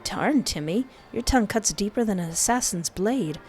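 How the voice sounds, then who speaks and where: A woman's voice: mid-range voice, animated, normal speed, a little mellow, faint music behind, natural voice. A woman voicing a bold young female teacher who speaks in a teasing but firm way.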